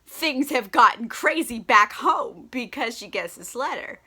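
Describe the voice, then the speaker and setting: A woman's voice: a little high, lively intonation, measured pace, pushed and bright, husky. Tipsy, giggly, foul-mouthed woman. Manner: brash, profane, giggly, incredulous. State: tipsy from wine. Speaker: book vlogger. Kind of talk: casual book recap vlog.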